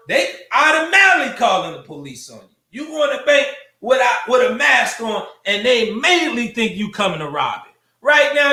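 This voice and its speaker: Male host, fiery preachy monologue, high lively voice, roomy echo. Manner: preachy, profane, rhetorical questions and repetition. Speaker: show host.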